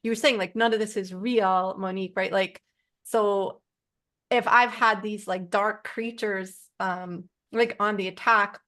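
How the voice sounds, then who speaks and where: A woman telling spiritual stories in a loose, rambling way, with "like" dropped into nearly every sentence. She speaks earnestly, at a middle pitch, in a relaxed group-sharing tone. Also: measured pace. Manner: rambling, heavy use of "like" fillers. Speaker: support group member.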